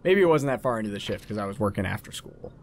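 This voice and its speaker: A man co-hosting a let's play channel casually rambles through an anecdote to his partner during gaming chat. His voice is on the low side with lively intonation and a quick pace, and a faint hiss or hum runs underneath.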